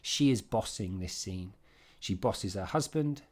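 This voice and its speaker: A man giving an informal, emphatic revision lesson on a play, with quick asides and restarts. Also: lowish voice, animated. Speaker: English literature teacher.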